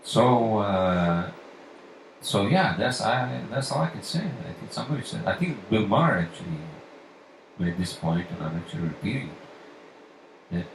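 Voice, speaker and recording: A man hosting a solo podcast, ranting with heavy swearing and pushing his voice up toward near-shouting. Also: fairly low pitch, expressive, normal speed, creaky. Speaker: podcast host. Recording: echoey room, far from mic, faint noise.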